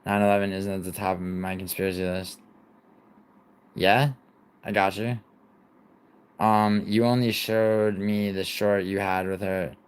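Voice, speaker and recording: A young man in his twenties talks off the cuff on a livestream, swearing freely and trailing off into restarts. His voice sits fairly low, and he answers chat messages as they come in. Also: level tone, a little slow, long pauses, clean tone. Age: 20s. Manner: rambling, profane, reads and answers chat. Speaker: livestream host.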